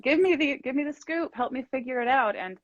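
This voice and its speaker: A woman's voice: high-pitched, brisk, no echo. Encouraging middle-aged woman, lo-fi dry sound. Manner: encouraging, affirming, talks at length. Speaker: host and life coach. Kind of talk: casual live-stream chat.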